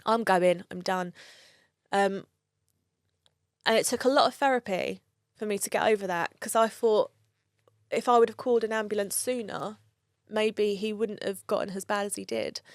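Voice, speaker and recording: A woman's voice: medium pitch, moderate pace, dry recording, clean studio sound. A woman telling a personal story in an interview, candid and emotional and swearing freely. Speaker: guest.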